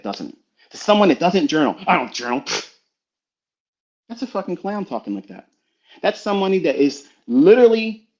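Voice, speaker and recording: A man lectures his listeners like a preacher, emphatic and swearing freely as he drives his point home. His voice sits a little high for a man. The sound is dull and lo-fi, like a live online audio room. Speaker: trading mentor. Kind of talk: motivational talk on a live audio stream.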